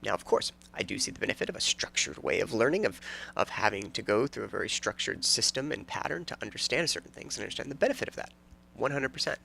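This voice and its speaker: Lively, gravelly-voiced man rambling. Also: lowish voice, fast, a little hiss or hum. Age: 30s. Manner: rambling, self-interrupting and jokey. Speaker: podcast host. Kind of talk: casual solo podcast monologue.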